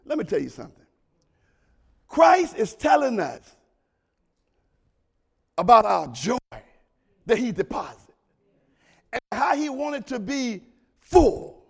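A man preaching a sermon in a colloquial way, talking straight to the congregation and swinging between loud shouts and quiet murmurs. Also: very high-pitched, gravelly, slightly rough.

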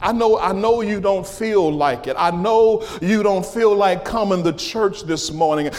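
A man preaching a sermon as a pastor, impassioned, rising into sung cries and dropping to hushed lines. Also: sits high, a little slow, few pauses, in a large hall.

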